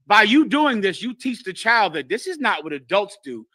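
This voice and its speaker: A man teaches a congregation in a forceful, preachy sermon style. His voice sits high and bright. The sound is dry, with little room around it. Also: expressive, moderate pace, few pauses, dry recording. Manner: emphatic, blunt, preachy. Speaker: teacher leading a congregation class.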